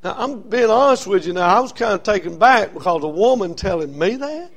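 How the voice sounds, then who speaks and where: A man preaching a sermon as a Baptist pastor, telling a story that swings from quiet and low to loud and raised. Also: lively intonation, a little fast.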